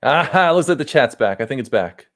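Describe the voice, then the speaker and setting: A man's voice: mid-range voice, brisk. A man co-hosting a live stream, joking around in casual chat and running the broadcast. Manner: animated, joking, runs the stream. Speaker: podcast co-host.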